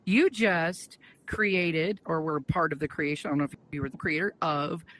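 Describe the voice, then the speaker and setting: A woman hosting a casual talk show, chatty and quick to laugh. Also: deep voice, a bit bright. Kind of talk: casual chat.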